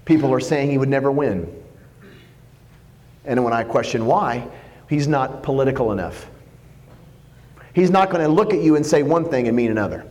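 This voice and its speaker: A man preaching a sermon, animated and jokey, acting out quotes as he goes. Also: medium pitch, big-room sound. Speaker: pastor.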